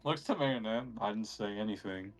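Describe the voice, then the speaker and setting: Lively tabletop player, mid-pitched, laughs and swears easily. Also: brisk, low-quality recording. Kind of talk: casual game chat.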